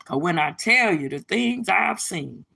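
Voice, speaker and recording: Gravelly and husky with a tense, bright bite, this middle-aged woman's voice sits on the low side, sounds expressive and moves a little slowly. As host of a casual livestream, she preaches emphatically and addresses viewers directly with blunt profanity.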